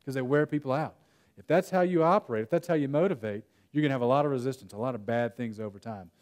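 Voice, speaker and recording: A young man from Texas, speaking fast in a mid-range and somewhat mellow voice, gives a conference breakout talk as a workshop speaker in a conference room. He keeps it conversational, spinning stories while laughing and cutting himself off mid-thought.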